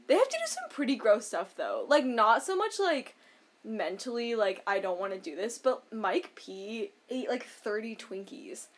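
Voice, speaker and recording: A woman with a slightly high voice chats casually on a podcast. She fills her talk with "like" and laughs often while recapping a show with her co-host. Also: big pitch swings, a little slow. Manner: chatty, lots of "like", laughs often.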